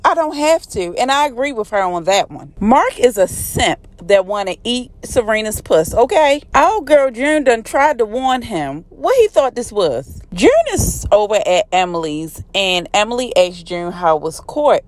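A woman's voice: mid-range voice, big pitch swings, unhurried, hardly any pauses. A woman giving a casual TV episode recap, blunt, slangy and opinionated. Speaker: TV recap vlogger.

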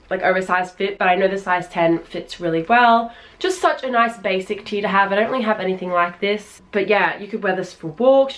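A woman's voice: on the low side, fairly bright tone. Aussie girl early 20s, gushy haul chat at home, loads of likes and ums. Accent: Australian. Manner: chatty and gushing, many fillers. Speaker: fashion vlogger.

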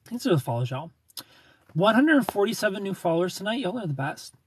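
A man's voice: high-pitched, big pitch swings, brisk, a little hiss or hum. A tired man live streaming from an airport on his phone, rambling casually as he answers chat and thanks new followers. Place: airport terminal.

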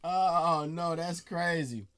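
A man co-hosting a reaction video, excitable and chatty. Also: a little high, takes it slowly. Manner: excitable, bursts into loud exclaims. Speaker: reaction channel co-host. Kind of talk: casual chat.

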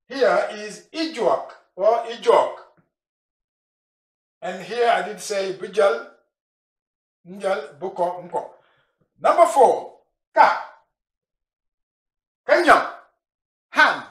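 The recording carries a roomy echo as a patient language teacher works through vocabulary, spelling words and repeating each one slowly. The voice is mid-range and a bit bright, and dialect asides come up along the way.

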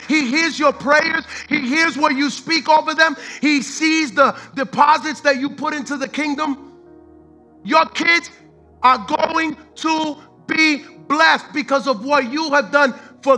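A male pastor preaching a sermon with passion and casual slang, swinging between shouted declarations and hushed scripture reading. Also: very high voice, gravelly, rough recording.

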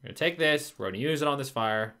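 A man's voice: medium pitch, fast, sharp tone. A man narrating his own gameplay, frustrated and swearing as he talks to himself. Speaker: gaming video creator. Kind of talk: gameplay commentary.

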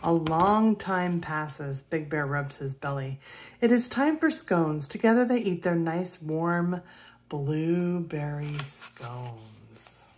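A woman reading a children's picture book aloud in a gentle, expressive way. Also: sits low, takes it slowly, a little hiss or hum. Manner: gentle, expressive read-aloud with gasps and soft laughs. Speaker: storybook reader.

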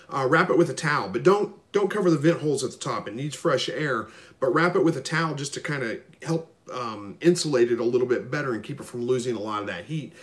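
A man hosting a live stream, reading viewer comments and answering them in a relaxed, rambling way with lots of ums. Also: medium pitch. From Missouri. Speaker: livestream host answering viewer questions. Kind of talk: casual live chat, reading comments aloud.

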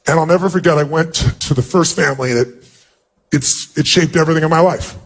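A man's voice: fairly quick, breathy edge. A man speaking as a motivational speaker, telling an emotional personal story to an audience in an earnest way. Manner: earnest, emotional storytelling, pitch jumps up when acting out dialogue.

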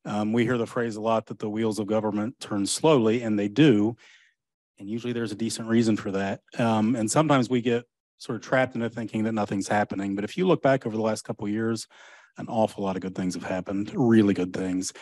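A man's voice: on the low side, steady tone, brisk, a little mellow, no echo. A man on the county staff giving thanks to the board during public comment, in a friendly, easygoing way.

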